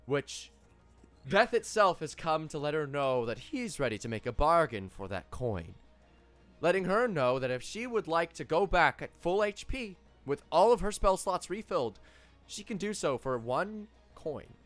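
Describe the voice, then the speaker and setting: Young guy dm, bright voice, bouncy pitch, slow and laughy. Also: very animated, soft background music. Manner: playful, laughing, halting narration. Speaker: dungeon master. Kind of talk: narrating a tabletop game.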